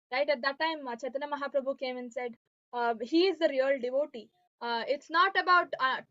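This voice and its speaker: A woman's voice: high-pitched, a bit bright, no room sound. A woman teaching a devotional scripture class, telling stories and often checking in with listeners. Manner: keeps asking listeners "right?" and "okay". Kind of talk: devotional lesson storytelling. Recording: dull lo-fi dry sound.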